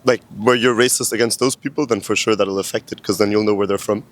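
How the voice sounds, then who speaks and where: A man's voice: on the low side, steady tone, fast. A man answering street interview questions, hesitant with frequent "um"s.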